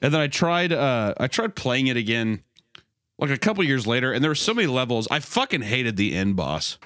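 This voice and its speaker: A man's voice: medium pitch, big pitch swings, a little fast, fairly bright tone, no room sound. A young man co-hosting a casual podcast, swearing and laughing often as he banters. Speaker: podcast co-host.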